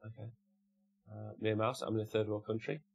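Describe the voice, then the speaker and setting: This man from Cannock, England speaks with a Midlands accent in a fairly low, level, slightly mellow voice, talking fairly quickly. On his relaxed livestream, he reads out chat messages from viewers and answers them jokingly.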